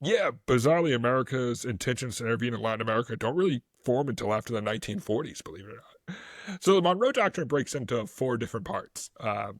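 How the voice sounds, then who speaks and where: A man's voice: medium pitch, animated, fast talker, no room sound, studio quality. A man co-hosting a casual history podcast, rambling through his notes, stumbling over words and laughing often. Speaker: podcast co-host.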